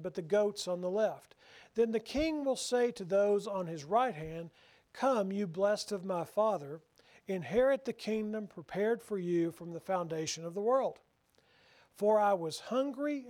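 A man with a high voice preaches a sermon. He reads scripture at a slow, deliberate pace and acts out the voices of the people he quotes. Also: darkish tone.

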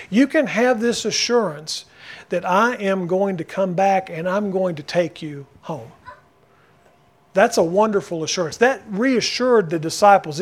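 Pastor guy preaching, fairly high voice, hammers his points home and keeps asking the church questions. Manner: emphatic, repeating key phrases, asks the congregation questions. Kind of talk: sermon.

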